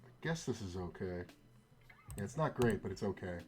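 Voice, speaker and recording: A man's voice: low-pitched, animated, moderate pace, darkish tone, soft background music. A man streaming a game and chatting casually, telling a rambling, profane story between side comments on play. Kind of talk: casual storytelling while gaming.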